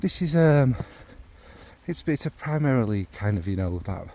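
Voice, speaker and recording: Male vlogger, rambling casual delivery, middle pitch, soft background hiss. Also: sing-song, normal speed. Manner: rambling, warm and enthusiastic about scents. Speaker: fragrance vlogger. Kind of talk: casual rambling chat to camera.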